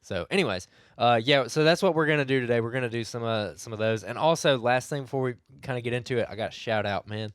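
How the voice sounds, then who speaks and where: A man co-hosts a podcast in an easy storytelling style. His voice is smooth and resonant, recorded close and dry with no room sound. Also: medium pitch, quick pace, dry recording. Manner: storytelling, chatty, animated retelling. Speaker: podcast co-host. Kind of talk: casual chat.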